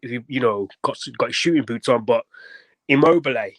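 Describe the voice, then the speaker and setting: A man's voice: medium pitch, brisk, dry recording. A man calling into a football show, giving a rambling match reaction full of fillers. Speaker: caller.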